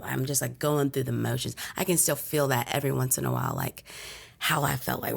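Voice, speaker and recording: Deep, gravelly-voiced woman guest; vivid personal storyteller who replays her own thoughts aloud. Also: expressive, fast. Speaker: podcast guest.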